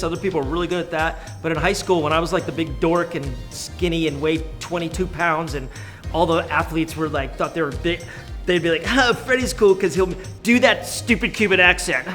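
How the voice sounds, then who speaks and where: Chatty older comedian, slightly high voice. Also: male voice, fairly bright tone. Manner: self-deprecating, loose and chatty. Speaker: stand-up comedian. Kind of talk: casual interview.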